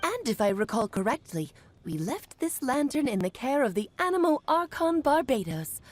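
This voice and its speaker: A grand, teasing mage. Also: female voice, sits high, very animated, normal speed. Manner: theatrical and teasing, grandly storytelling. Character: grand, playful adult female mage and storyteller. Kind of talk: video game voice acting.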